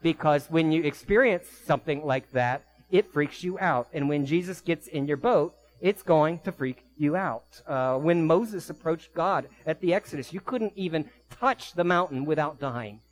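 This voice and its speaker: A man preaching a sermon as pastor, telling vivid stories in quick bursts and slowing down to soft, quiet emphasis. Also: fairly high pitch, low-quality recording.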